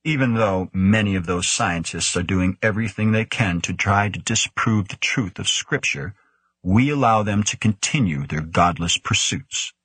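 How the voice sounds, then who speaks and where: A stern, brooding male official speaks in a deep, grave voice, as a male narrator puts him on. He is measured and slightly husky in a dry, close audiobook recording. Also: fairly bright tone, dry recording.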